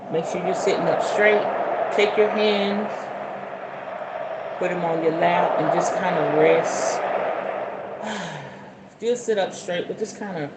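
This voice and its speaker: A woman hosting a spiritual show, leading a guided meditation in a slow, soothing, homey way, with soft drawn-out "ooh" sounds. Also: on the low side, very noisy. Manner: casual and homey, addressing listeners as "y'all" and "baby". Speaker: spiritual podcast host. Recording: loud ocean-wave sounds behind the voice.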